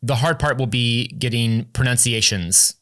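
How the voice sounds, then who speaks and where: A man's voice: mid-range voice, unhurried, a bit bright. Chatty male podcast host. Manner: friendly, chatty, laughs often. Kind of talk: casual interview conversation.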